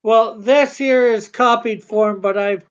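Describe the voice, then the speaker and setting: A host of a comics livestream chatting casually while drawing, relaxed and joking, often trailing off. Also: mid-range voice, slow, smooth, muffled recording.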